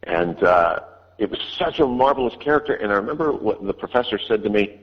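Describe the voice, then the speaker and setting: Low-voiced narrator guy in an interview, lots of ums and restarts, muffled reverby sound. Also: lively intonation, brisk, slightly rough. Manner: hesitant, many fillers and restarts. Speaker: audiobook narrator. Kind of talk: relaxed interview answers. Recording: dull line with long reverb.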